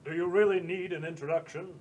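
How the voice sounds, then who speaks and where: A man playing a celebrated male hero in a tabletop game, smooth, polite and self-assured. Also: high-pitched, steady tone, fast, darkish tone, recorded from a distance, dull audio, slight background noise, voice pushed up, natural voice. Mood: smug gracious.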